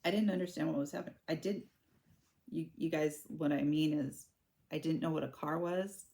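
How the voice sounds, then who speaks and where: A woman in her forties with a low voice talks straight to her viewers. She is candid and halting, often breaking off and restarting her sentences as she tells her own story. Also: fairly even intonation, creaky, dark tone. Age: 40s. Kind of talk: personal storytelling to camera.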